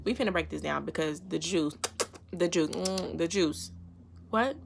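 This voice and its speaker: A woman hosting her own faith vlog, talking in a lively, playful, slangy way and laughing often as she explains a Bible verse. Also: fairly low pitch, unhurried, vocal fry, a little hiss or hum. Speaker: faith vlogger. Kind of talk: casual devotional talk.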